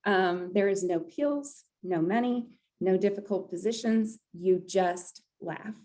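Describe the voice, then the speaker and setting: A woman's voice: mid-range voice, takes it slowly, mellow. Upbeat woman leading laughter yoga. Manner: upbeat, chatty, breaks into laughter. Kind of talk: guided group exercise session.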